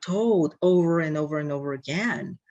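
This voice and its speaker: A host and company head talking in a thoughtful, halting way, often pausing to find words, about breath and self-worth. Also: mid-range voice, a little mellow, lo-fi sound. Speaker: host and diversity company CEO. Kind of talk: casual reflective conversation.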